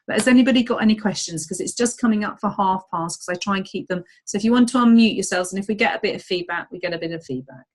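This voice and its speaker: A woman leading a group video call as a business coach, chatty and acting out little dialogues in bright voices. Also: medium pitch, fast talker, few pauses.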